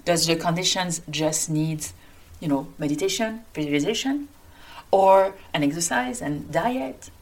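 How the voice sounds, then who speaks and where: A woman's voice: sits low, unhurried. A woman physician with a French accent, hosting a solo podcast in an earnest, hopeful way with many fillers. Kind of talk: casual solo podcast talk.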